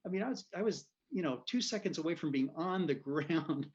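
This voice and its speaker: A man telling a story in a casual interview, animated and quick to laugh. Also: a little high, highs cut off. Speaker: physician guest.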